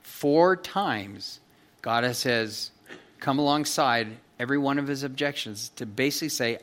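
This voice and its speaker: A man's voice: medium pitch, measured pace, a bit bright. A man preaching an expository sermon in a conversational, emphatic way, often checking in with his listeners. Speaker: pastor.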